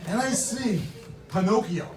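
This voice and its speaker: A man's voice: high-pitched, lively intonation, unhurried, over loud music. An older man doing a punchy, conversational stand-up comedy routine on a club stage. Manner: punchy, conversational joke delivery. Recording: roomy hall, mic from far.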